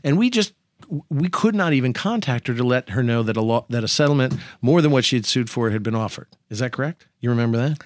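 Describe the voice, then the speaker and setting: A man, a lawyer and politician, telling a story in a podcast conversation with lively, teasing jokes. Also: mid-range voice, fast talker. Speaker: lawyer and state senator.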